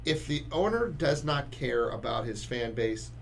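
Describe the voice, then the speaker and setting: A man's voice: mid-range voice, lively intonation, unhurried, gravelly. Man, sports podcast co-host, emphatic, restarts a lot, faint background noise. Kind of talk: casual sports talk.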